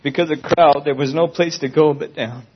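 A man's voice: a little high, fairly even intonation, fairly quick, dull audio, background noise. A man giving an earnest, pleading Christian testimony.

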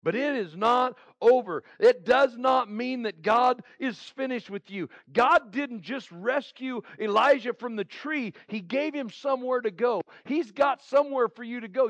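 A man's voice: very high-pitched, moderate pace, few pauses, fairly bright tone, no echo. A male pastor giving a heartfelt sermon who repeats his phrases for emphasis. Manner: heartfelt, pleading preaching.

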